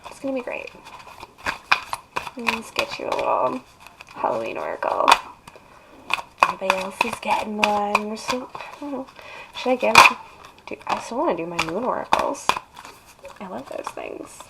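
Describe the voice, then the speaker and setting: A woman's voice: medium pitch, very animated, moderate pace, gravelly, long pauses, very noisy. A woman giving a casual tarot reading in an emphatic, coaxing way, drawing out her phrases. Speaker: tarot reader.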